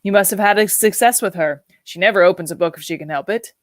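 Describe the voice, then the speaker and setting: A woman's voice: medium pitch, fast, no echo, studio quality, lightly acted. A woman reading the part of a brusque, impatient upper-class husband who speaks in a clipped, exasperated way. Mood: offhand.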